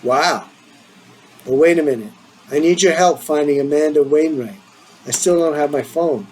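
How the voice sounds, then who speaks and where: A man voicing a boastful, defensive teenage boy, in a low, muttered manner. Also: normal speed, a little mellow, a little hiss or hum, natural voice, poor audio.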